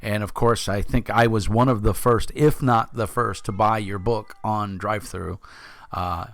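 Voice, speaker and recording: A man's voice: lowish voice, fairly even intonation, measured pace, no echo. An older man with a Brooklyn accent hosting a casual interview over a video call, joking, cursing and rambling as he talks. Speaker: podcast host.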